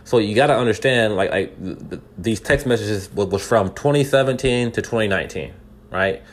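Guy from california riffing on the news, lowish voice, keeps asking the listener questions, trips over his words a lot. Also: a little fast. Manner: earnest, rhetorical questions aimed at the listener; stumbling restarts and repeated words. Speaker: podcast commentator. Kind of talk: casual commentary on news.

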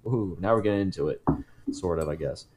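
Casting note: man, low-pitched podcast co-host, loose rambling storyteller, self-correcting, jokey asides. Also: fairly quick, a little mellow, slight background noise. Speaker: podcast co-host telling the case.

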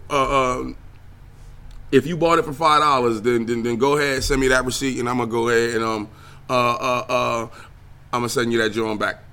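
A young man hosting his own podcast, ranting casually and profanely about video games and the news, with lots of fillers. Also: mid-range voice. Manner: profane, animated, trailing filler words. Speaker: podcast host and streamer. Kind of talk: casual solo podcast rant.

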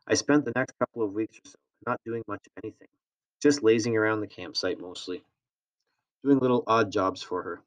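A man reading a novel aloud in a steady, plain storytelling manner. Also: lowish voice, brisk. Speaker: reader.

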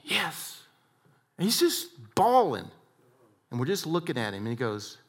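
Animated male storytelling speaker. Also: fairly high pitch, a little slow, slightly rough. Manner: animated storytelling, swings between soft and loud. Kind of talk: inspirational storytelling talk.

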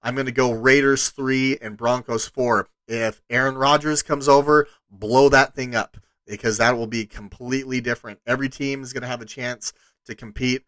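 Man hosting a solo podcast, casual and rambling, bright tone, dry close sound. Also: medium pitch, fairly even intonation, moderate pace, dry recording. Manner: casual, rambling with frequent restarts. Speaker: podcast host. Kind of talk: solo sports podcast commentary.

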